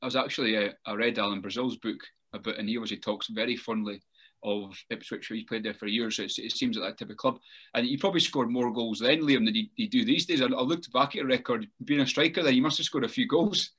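A man's voice: mid-range voice, fast, a bit bright, breathy edge. A man with a Scottish Borders accent, co-hosting a casual chat, joking and chatty. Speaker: podcast co-host.

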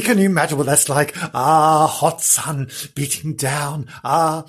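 A man hosting a mock children's story show, over-excited, giggly and rambling, breaking off to joke. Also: a little high, unhurried, few pauses. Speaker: storyteller host.

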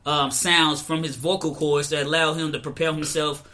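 Bright-voiced man geeking out on comics. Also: a little high, flat delivery, normal speed. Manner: enthusiastic, explains lore at length. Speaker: podcast co-host. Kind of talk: casual comic-book chat.

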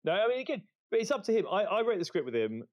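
A man who writes comedy, a podcast guest telling stories in casual chat, animated and full of quick restarts. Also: high-pitched, muffled recording.

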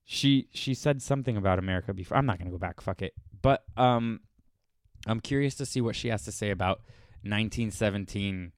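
A man's voice: fairly low pitch, brisk, no echo, clean studio sound. A man hosting a podcast, reacting to a clip with incredulous, sarcastic ranting. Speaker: podcast host. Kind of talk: casual reaction commentary.

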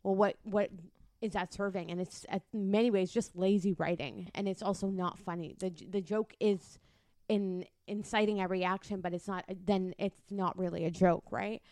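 A woman co-hosting a podcast chats casually, rambling with plenty of fillers and restarts. Her medium-pitched, darkish voice has fairly even intonation and a moderate pace, captured in a dry, clean studio recording.

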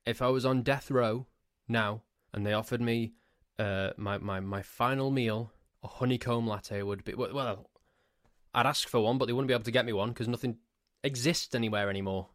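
A man's voice: mid-range voice, fairly even intonation, moderate pace, fairly bright tone, dry recording, clean studio sound. A man from Cheshire with an English accent, hosting a solo podcast in a rambling, pedantic chatty way. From Cheshire, England. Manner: rambling, pedantic, ranting asides. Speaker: podcast host. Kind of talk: casual solo podcast monologue.

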